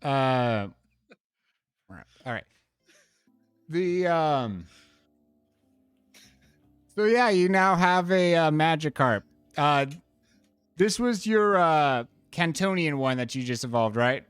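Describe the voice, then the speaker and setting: A man narrating as game master of a tabletop game, easygoing and halting with fillers. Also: a little high, animated, a bit bright, smooth, no echo, faint music behind.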